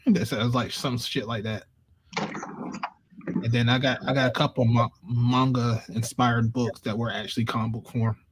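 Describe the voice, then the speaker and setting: A man chatting casually on a livestream in a laid-back, halting way. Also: mid-range voice, level tone, noisy background.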